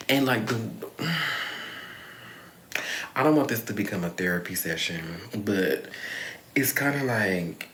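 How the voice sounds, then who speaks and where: A man's voice: lowish voice, lively intonation, a little slow, long pauses, a bit bright, a little hiss or hum. Rambling, candid young man in echoey room. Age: young adult. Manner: candid, rambling, swears freely, sighs often. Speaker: vlogger. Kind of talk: confessional vlog monologue.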